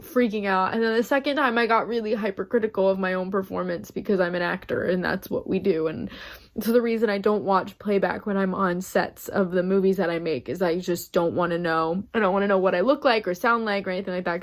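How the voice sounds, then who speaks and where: A woman's voice: medium pitch, dry recording. A young woman actor talking to her camera in a candid, rambling vlog, openly emotional as she chats, filmed outdoors on city streets with a handheld phone. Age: young adult. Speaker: actor and vlogger. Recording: street noise and traffic behind.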